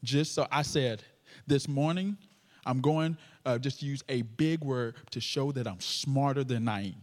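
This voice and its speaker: A man's voice: medium pitch, measured pace. A man preaching a sermon with a stutter, joking playfully with the congregation. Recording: long hall reverb.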